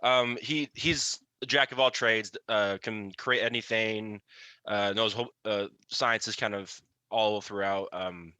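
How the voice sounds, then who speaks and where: Bright-voiced excitable man, dry sound. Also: lowish voice, clear, resonant tone, no room sound. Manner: excitable, laughing, halting. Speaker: player. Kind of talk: casual chat.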